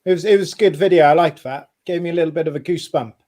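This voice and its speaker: A man's voice: a little high, racing, darkish tone. A male guest author chatting casually and musing on a spooky video. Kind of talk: casual chat.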